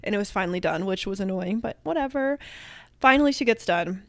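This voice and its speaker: Her voice at medium pitch and her pace brisk, a young podcast co-host chats casually through a story, lively and full of "like," performing the lines she quotes. There's no echo on the recording.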